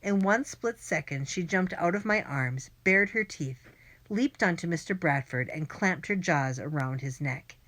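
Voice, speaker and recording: A woman narrating a children's adventure book in the first person, briskly and plainly. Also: on the low side, animated, fairly bright tone. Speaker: audiobook narrator.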